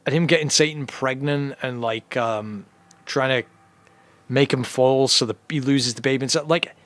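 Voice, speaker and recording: A young man talks loosely over his gameplay, drifting between thoughts and leaning on "you know" as he goes. His pitch sits in an ordinary middle range, and his delivery stays easygoing and conversational. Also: normal speed, no echo. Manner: rambling, relaxed, peppered with "you know". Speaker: streamer playing a horror game. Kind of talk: casual let's-play chat.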